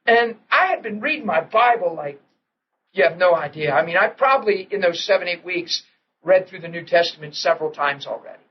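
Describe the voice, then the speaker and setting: A middle-aged man delivers a sermon as a story, acting out the voices of the people in it. His voice sits high for a man. The old recording is dull and muffled, with faint hiss underneath. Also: fairly quick. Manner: animated storytelling, acting out quotes, laughing. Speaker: preacher.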